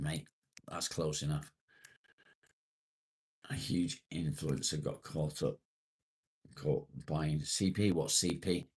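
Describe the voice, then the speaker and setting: A man with a British accent, hosting a casual live stream and chatting with viewers. He reads their comments aloud, relaxed and conversational, with casual swearing. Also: very deep voice.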